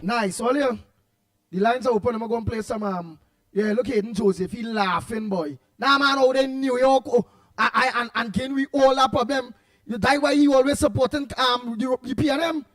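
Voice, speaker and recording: High-voiced Trinidadian man hosting. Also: normal speed, no echo, faint music behind. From Trinidad and Tobago. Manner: animated, bursts into shouting. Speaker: radio talk show host. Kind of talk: call-in talk show, reading comments.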